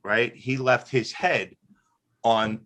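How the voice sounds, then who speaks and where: A man's voice: medium pitch, steady tone, slow, fairly bright tone. A man from Queens, New York, chatting about old games as a former mascot guest on a video call. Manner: chatty, laughs at his own stories. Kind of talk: casual storytelling on a video call.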